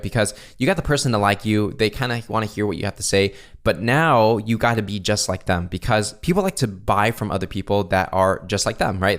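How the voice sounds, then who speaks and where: A man with a somewhat low voice explains phone sales technique like a coach talking to a peer. His delivery is casual and conversational. He keeps asking the listener to follow along. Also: a bit bright. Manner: conversational, frequent "right?" check-ins. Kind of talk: instructional talk.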